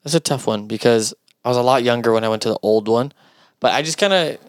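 A man hosts a sports podcast in easygoing, upbeat back-and-forth. His mid-pitched voice is smooth and clear. The sound is dry and close. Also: quick pace, no echo. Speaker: podcast host. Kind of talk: casual chat.

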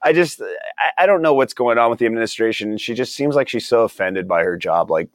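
A man's voice: mid-range voice, animated, fast, no room sound, clean studio sound. A man as a podcast guest, talking in a rambling, exasperated way and laughing often. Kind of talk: casual political chat.

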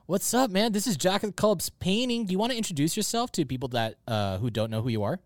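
Male podcast host, upbeat and animated, higher voice. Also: quick pace, dry recording, clean studio sound. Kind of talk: casual podcast chat.

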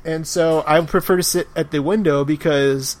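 A man's voice: a little high, steady tone, moderate pace. A man co-hosting a podcast in casual, easygoing chat. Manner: laughing, easygoing. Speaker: podcast co-host.

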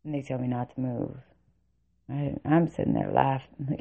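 A woman's voice: very deep voice, huge pitch swings, moderate pace, gravelly. A woman telling an angry, profane story about army training, with bitter laughs. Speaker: vlogger recounting army training. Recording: tinny phone-like recording.

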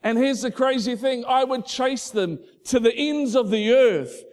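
A middle-aged man preaching a casual, conversational sermon that moves between soft, hushed passages and fervent emphasis. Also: very high-pitched, unhurried. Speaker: pastor.

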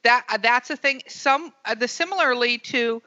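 A woman's voice: fairly high pitch, normal speed, sharp tone. A woman hosting a podcast, chatting casually with a rambling, restarting manner. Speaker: podcast host. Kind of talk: casual chat. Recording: muffled lo-fi podcast audio.

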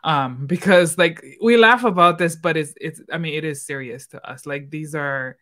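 A woman moderating a podcast panel, speaking emotionally and dropping into soft asides. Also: low voice, moderate pace. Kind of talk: casual panel discussion.

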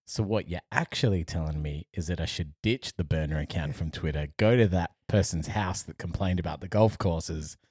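A man's voice: sits low, moderate pace, few pauses, darkish tone, breathy edge, no room sound, clean studio sound. An Australian man co-hosting a podcast, chatting casually with a wry, teasing manner. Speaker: podcast co-host. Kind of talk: casual chat.

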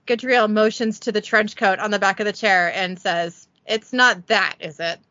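A woman's voice: medium pitch, steady tone, moderate pace, sharp tone, no echo, lo-fi sound. A woman hosting a podcast, casually reading a script recap aloud and joking about it in a giggly, self-deprecating way. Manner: giggly, self-deprecating, reads quotes with little voicing. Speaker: podcast host recapping an episode.

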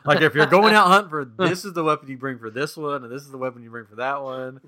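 Bright-voiced male podcast host, chatty. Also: a little high, fast talker. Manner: asks many questions, easygoing. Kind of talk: casual chat.

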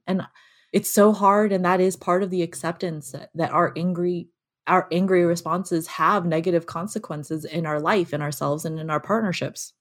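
A woman's voice: fairly low pitch, steady tone, moderate pace. A woman talking casually and animatedly as a podcast co-host, laughing often and acting out her inner voices. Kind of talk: casual conversation.

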